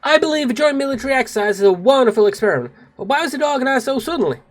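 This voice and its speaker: Streamer putting on a peppy young navy girl from a game, high eager voice, sincere. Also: sing-song, rapid-fire. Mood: earnest. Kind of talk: reading game dialogue aloud on a livestream.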